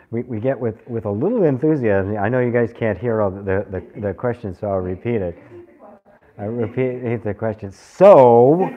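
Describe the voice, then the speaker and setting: A man teaching a spiritual group, animated and laughing often as he acts out people's questions. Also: on the low side, highs cut off. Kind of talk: satsang talk to a live group.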